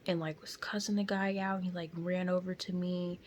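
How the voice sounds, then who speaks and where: A young woman vlogging from her car, telling a story in a blunt, profane, animated way. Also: on the low side, normal speed, slight background noise. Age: young adult. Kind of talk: casual storytelling.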